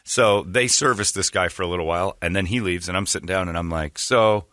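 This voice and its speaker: A man's voice: sits low, quick pace, no room sound, studio quality. A man hosting a radio show, telling a long rambling anecdote and quoting the people in it. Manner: rambling, animated anecdote with quoted voices. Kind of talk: storytelling on a sports radio show.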